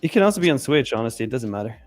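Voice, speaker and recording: Relaxed, joking male stream co-host. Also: mid-range voice, rapid-fire, soft background music. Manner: relaxed, jokey, talks to the chat. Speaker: co-host of a live trading show. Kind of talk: casual live-stream banter.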